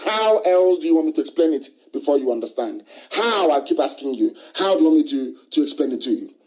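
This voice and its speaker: A man's voice: fairly high pitch, lively intonation, fast talker, a little mellow, low-quality recording. A middle-aged man giving an impassioned live radio monologue, hammering his points with repeated rhetorical questions and declarations. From Nigeria. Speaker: broadcaster.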